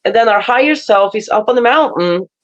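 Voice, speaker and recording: A woman from the Caribbean hosting a podcast, telling stories in a casual, emotional and expressive way. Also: mid-range voice, a little fast. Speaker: podcast host. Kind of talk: casual conversation. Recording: slightly dull lo-fi audio.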